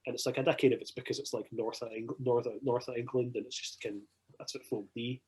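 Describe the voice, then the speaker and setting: A man with a Scottish accent, swearing freely as he tells animated anecdotes in a casual podcast chat. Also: mid-range voice, fast talker, slightly rough, poor audio.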